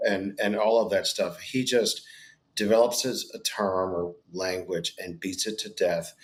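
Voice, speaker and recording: A man's voice: deep voice, fairly even intonation, unhurried. A man who founded a branding agency, talking as a guest in a casual interview, emphatic and repeating words for stress.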